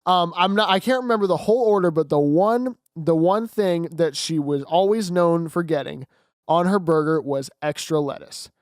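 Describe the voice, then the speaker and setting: Teen male co-host, high clear voice, relaxed chatty delivery, dry close mic. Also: moderate pace, dry recording. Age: teens. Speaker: podcast co-host. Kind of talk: casual chat.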